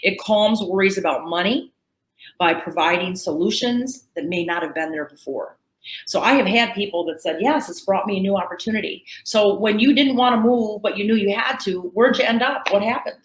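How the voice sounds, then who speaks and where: A woman's voice: mid-range voice, moderate pace, echoey room, rough recording. A woman hosting a live sales show, chatting in a folksy way about crystals. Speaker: host selling crystals.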